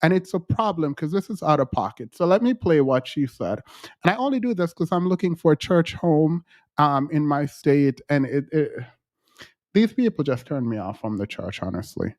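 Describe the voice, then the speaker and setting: A man's voice: a little high, sing-song, moderate pace, darkish tone, no room sound, studio quality. A man hosting casual online commentary, ranting in an exasperated, annoyed way. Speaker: commentary host.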